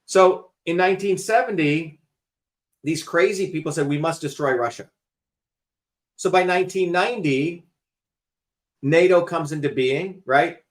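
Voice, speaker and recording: A man's voice: high-pitched, measured pace. A man hosting a talk show, lecturing emphatically in casual conversation and cursing freely. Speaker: host.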